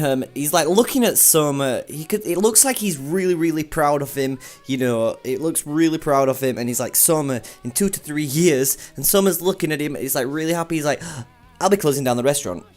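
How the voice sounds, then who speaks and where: Chatty young man rambling through a review. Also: mid-range voice. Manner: chatty, rambling, with frequent fillers and "like". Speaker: anime reviewer. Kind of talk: casual episode recap and review.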